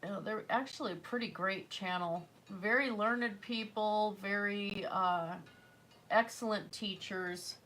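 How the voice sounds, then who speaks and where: A woman's voice: medium pitch, unhurried, a bit bright, a little hiss or hum. A woman chatting casually while she paints on a livestream, rambling with fillers and self-corrections. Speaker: artist livestreaming a painting session.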